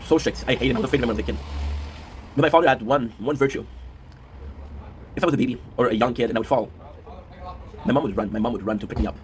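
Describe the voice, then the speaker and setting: Fast-talking, rambling young man host. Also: medium pitch, a little hiss or hum. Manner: rambling, repeats phrases and restarts, swears casually. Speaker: gaming YouTuber host. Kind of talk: casual rambling talk to camera.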